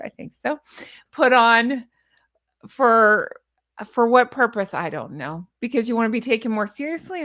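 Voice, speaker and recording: A woman talks straight to camera in a loose, rambling commentary, full of sarcastic asides and scoffing remarks. Her voice sits a little on the high side. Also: a bit bright. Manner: rambling with restarts and laughs. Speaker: commentary vlogger. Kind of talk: casual opinion commentary.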